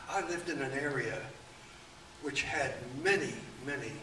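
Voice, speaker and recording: A man in his eighties telling rambling anecdotes at a book event, halting often with fillers. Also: medium pitch. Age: 80s. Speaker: author and guest. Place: event room. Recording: echoey room, distant mic, faint room noise.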